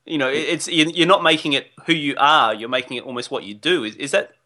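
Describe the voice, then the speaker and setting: A man hosting an interview, enthusiastic and quick to laugh, rephrasing his guest's points and asking questions. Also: on the high side, sharp tone. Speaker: podcast host. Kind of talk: conversational interview.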